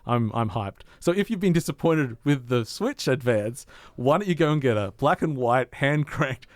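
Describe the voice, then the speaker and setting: A man's voice: medium pitch, lively intonation, normal speed, no echo. A man co-hosting a community radio games podcast, who chats eagerly and laughs easily, then reads out a scripted game review. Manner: enthusiastic, chatty, laughs easily. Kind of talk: casual chat, then read-out review.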